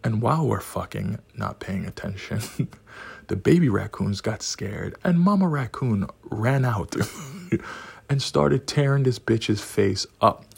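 A man's voice: fairly low pitch, animated, takes it slowly. A man in his forties telling a profane, rowdy personal story and laughing at his own punchlines. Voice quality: gravelly, husky voice.

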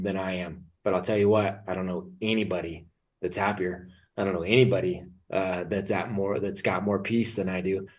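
A man's voice: sits low, breathy edge, far from the mic. A man speaking as a guest in a casual interview, blunt and swearing freely. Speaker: podcast guest.

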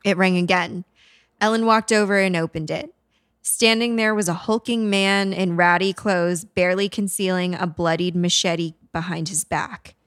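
A woman's voice: lowish voice, steady tone, normal speed, fairly bright tone, no echo, studio quality. A woman reading a comic ghost story aloud in a wry, matter-of-fact way. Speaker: narrator. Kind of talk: storytelling narration.

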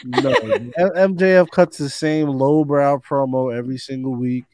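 A man's voice: mid-range voice, fairly even intonation, moderate pace, darkish tone. A man co-hosting a casual podcast, blunt and profane, laughing at his own jokes. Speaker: podcast co-host. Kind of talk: casual chat.

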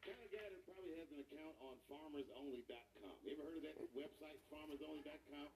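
A man's voice: on the high side, quick pace, roomy sound, distant mic, background noise. A man from Ohio performing a stand-up comedy set, delivering mocking punchlines and putting on other people's voices. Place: stage before a live audience.

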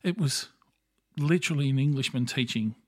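A man's voice: medium pitch, moderate pace, dry recording, clean studio sound. A middle-aged man with an Australian accent, hosting a podcast and delivering a blunt, profane, opinionated solo monologue. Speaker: podcast host.

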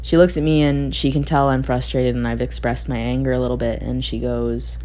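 A young woman with a low voice speaks candidly in a reflective personal monologue. She thinks aloud, restarts her sentences and laughs easily as she goes. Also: little pitch movement, a little fast, warm tone. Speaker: podcast host.

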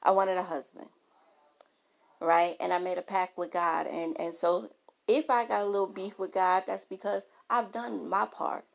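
A woman's voice: mid-range voice, steady tone, moderate pace, gravelly. A middle-aged woman vlogger talking frankly and emphatically to her followers, often restarting her sentences. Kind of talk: candid talk to camera.

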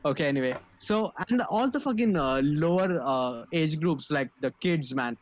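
A man's voice: a little high, animated, moderate pace, a little hiss or hum. A young man from India, telling a rambling, profane story in casual chat and laughing often.

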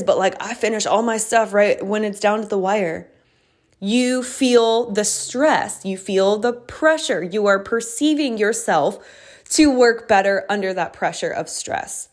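A young woman hosting a casual solo podcast as a coach, talking in a chatty, reflective way with many fillers and restarts. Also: fairly high pitch.

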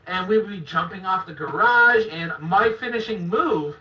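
Young guy, high voice, crude laughy stories, echoey room, far from the mic. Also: normal speed. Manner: animated, laughing, crude storytelling. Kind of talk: casual storytelling chat. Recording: distant roomy dull mic.

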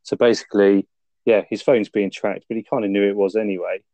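A man's voice: on the low side, fairly even intonation, brisk, mellow, no echo. A man casually retelling film scenes on a review podcast, swearing freely and laughing as he goes. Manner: laid-back, swears a lot, laughs while retelling scenes. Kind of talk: casual chat, recapping a film.

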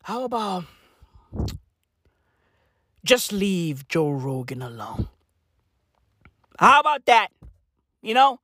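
A young man giving a loud, profane comic rant, full of slang and shouting. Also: high-pitched, takes it slowly, pauses often, no room sound, studio quality. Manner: loud, animated, slangy, swears a lot. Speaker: vlogger.

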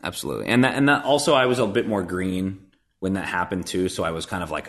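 A man with a very deep, low-pitched voice talks as a guest in a relaxed interview. He speaks earnestly about his voice acting work. He thinks aloud and often restarts his sentences. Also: fast. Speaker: voice actor guest. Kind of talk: casual interview chat.

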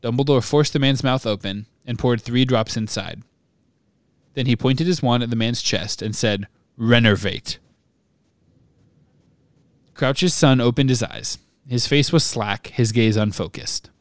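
A male podcast host reading a novel aloud in a plain, mid-pitched voice. He breaks in with lively asides. The sound is dry and close. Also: moderate pace, no room sound. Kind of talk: reading a book aloud and discussing it.

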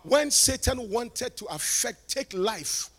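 A male preacher giving a sermon, moving from quiet talk to shouted, sing-song preaching. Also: very high voice, expressive, slow pace, slightly rough. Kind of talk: sermon at a conference.

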